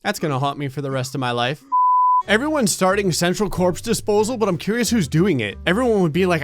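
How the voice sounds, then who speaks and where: A man's voice: fairly high pitch, a little fast, faint music behind. Sarcastic young man doing game commentary. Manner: sarcastic, jokey, reads game text aloud. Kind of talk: comedic gameplay commentary.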